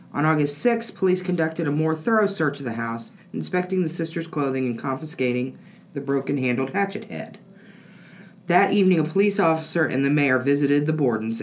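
A man's voice: mid-range voice, a little hiss or hum. A man co-hosting a podcast, reading out a case history with dry asides. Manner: steady reader, quick dry interjections. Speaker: podcast co-host.

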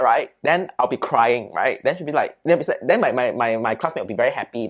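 A man's voice: fairly quick, hardly any pauses. A Singaporean man tells stories in a loose, chatty way. He keeps asking "right?" and "okay?" to make sure the listener follows. His voice rises and falls a lot, and he drops Mandarin words and local particles into his English. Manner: lively, swings pitch up and down while telling a story. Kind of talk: casual storytelling.

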